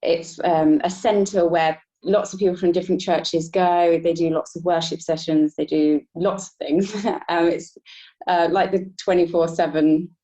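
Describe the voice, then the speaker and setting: A woman guest telling a personal story in a relaxed interview, often laughing lightly between thoughts. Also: fairly low pitch, measured pace. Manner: reflective, laughs between thoughts, many restarts. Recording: dull lo-fi sound.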